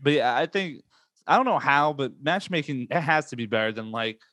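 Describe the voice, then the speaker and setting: A man chatting casually about online gaming as podcast host, animated and swinging up in pitch when he rants. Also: a little fast, no room sound, studio quality.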